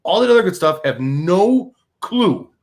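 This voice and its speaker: A man's voice: high-pitched, big pitch swings, unhurried. A man hosting a sports talk show, ranting with profanity and many restarts. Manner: fired-up, profane, repetitive restarts. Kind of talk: heated sports radio rant.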